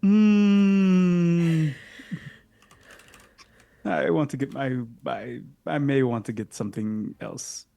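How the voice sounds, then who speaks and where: A man's voice: mid-range voice, moderate pace, creaky, few pauses, darkish tone, no echo. A man playing a tabletop game, speaking hesitantly and searching for words.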